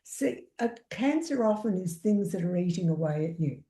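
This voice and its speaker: A woman's voice: fairly low pitch, lively intonation, normal speed, mellow. A woman from Australia, an energy healer talking as a guest, who tells stories with animation and acts out the quotes. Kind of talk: casual conversation. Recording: echoey room.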